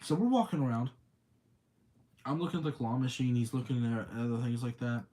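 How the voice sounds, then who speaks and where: A young streamer with a warm, medium-pitched voice rambles through a casual spooky story on a livestream. He talks fairly quickly, pausing between thoughts to read the chat aloud.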